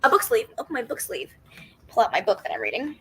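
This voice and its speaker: Woman, high voice, casual livestream chat, chatty, upbeat, laughs often, reads viewer comments aloud. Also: wildly swooping pitch, fast talker, background noise. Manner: upbeat with frequent laughs and squeals. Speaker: book livestream host. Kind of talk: casual live-stream chat.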